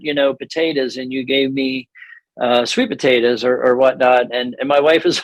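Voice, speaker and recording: A man's voice: mid-range voice, moderate pace, no echo, low-quality recording. A middle-aged man leading a church seminar, talking conversationally with frequent restarts and small laughs.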